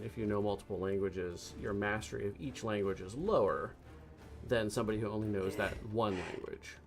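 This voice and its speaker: Chatty low-voiced gamer man. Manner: chatty, laughs at his own jokes. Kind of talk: casual multiplayer chat.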